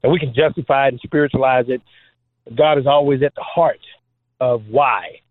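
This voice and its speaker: Animated man telling jokey stories on a phone line. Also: medium pitch, normal speed, dry recording. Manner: joking, animated storyteller with many fillers. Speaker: guest, former trick basketball player. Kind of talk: storytelling interview talk.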